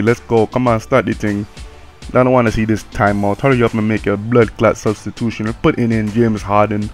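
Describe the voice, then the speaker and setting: A man's voice: medium pitch, lightly acted. A man voicing a brash, swearing male game commentator with a put-on Jamaican accent, calling the play live. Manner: swearing, mocking, excitable play-by-play.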